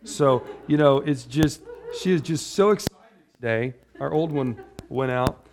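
A man's voice: mid-range voice, unhurried. A middle-aged man preaching a casual, conversational sermon, wandering into personal stories and often checking in with "right?". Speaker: pastor.

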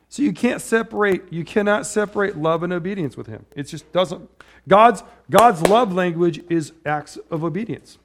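A middle-aged man with a high-pitched voice speaks at a normal speed, giving a pastor's sermon that's casual and conversational. He drifts into personal stories and keeps checking in with the listeners by asking "right?"

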